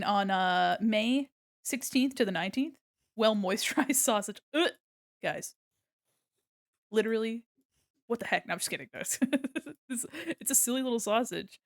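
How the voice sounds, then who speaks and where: A woman's voice: mid-range voice, dry recording, studio quality. Giggly woman streaming while she draws. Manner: giggly, silly, rambling. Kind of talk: casual livestream chat while drawing.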